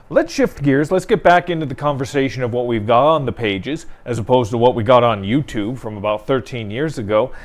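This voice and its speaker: A man co-hosting a local newspaper talk show, telling stories in a chatty way and laughing often. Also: medium pitch. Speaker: newspaper co-host. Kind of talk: casual chat.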